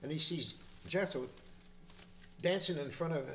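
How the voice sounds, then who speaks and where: A male guest telling jokes in casual talk, with rambling, halting setups. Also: on the high side, fairly bright tone.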